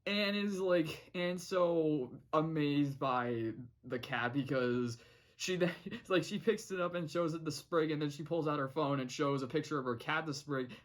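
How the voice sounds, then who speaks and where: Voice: medium pitch, measured pace. A young adult reviewing a cartoon episode in a casual vlog, rambling with frequent restarts and bursts of laughter. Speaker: show reviewer.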